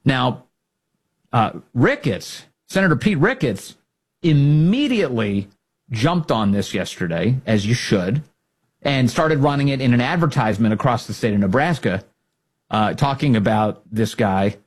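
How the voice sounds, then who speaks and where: Guy ranting on his political show, all over the place pitch-wise, kinda husky voice. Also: unhurried. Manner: animated, mocking impressions. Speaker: show host. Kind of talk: political commentary.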